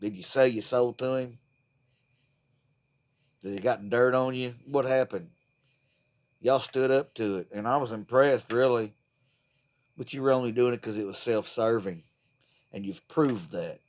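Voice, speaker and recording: A man's voice: medium pitch, a little slow, long pauses, darkish tone. A man delivering a profane, fired-up, rambling political rant to the camera. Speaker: vlogger.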